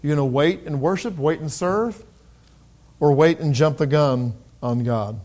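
A middle-aged man preaching a sermon in a conversational way, with pauses and restarts, who raises his voice when he reads scripture. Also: a little high, darkish tone. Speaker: pastor.

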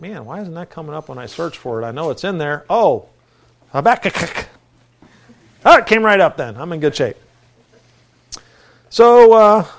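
A man's voice: sits high, gravelly. A middle-aged male pastor preaching a folksy, conversational sermon with self-deprecating asides.

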